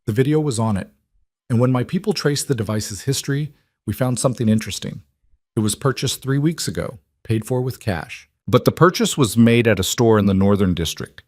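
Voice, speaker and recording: A man voicing a dangerous male mafia boss who speaks in a cold, even, threatening way. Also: mid-range voice, a little fast, no room sound, studio quality, lightly acted. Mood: menacing.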